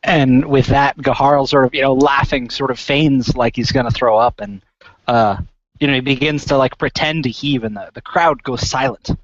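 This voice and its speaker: A man's voice: medium pitch, normal speed, no echo, lo-fi sound. Rambling man narrating his character. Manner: rambling, many fillers and restarts. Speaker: player.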